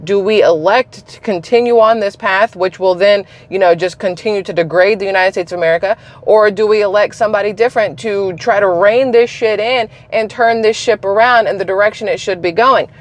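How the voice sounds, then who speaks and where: A woman's voice: medium pitch, a little fast, few pauses. A woman hosting a political commentary vlog, talking in a blunt, opinionated, casual way. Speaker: channel host.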